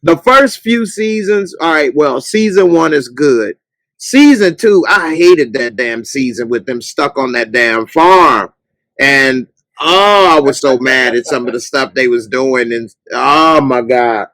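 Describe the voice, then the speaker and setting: Animated male podcast host, dry close sound. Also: mid-range voice, measured pace, dry recording. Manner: animated, bursts into loud mocking outbursts. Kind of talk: casual livestream chat.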